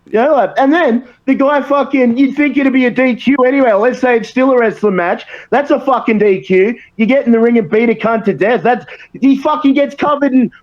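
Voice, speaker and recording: A man with a high voice, getting worked up and swearing constantly as he rants on a podcast. The audio sounds dull and lo-fi. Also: brisk. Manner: profane, worked up, ranting. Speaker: wrestler guest. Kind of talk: heated casual podcast chat.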